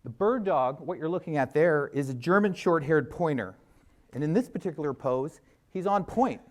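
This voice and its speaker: A middle-aged man giving a chatty, self-deprecating conference talk on a theater stage, with fillers and restarts. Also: a little high. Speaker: conference speaker.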